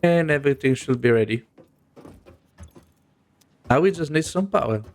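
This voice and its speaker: A man's voice: mid-range voice, expressive, moderate pace. A young man, not a native English speaker, giving casual gameplay commentary and thinking aloud with many fillers. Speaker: gaming video host.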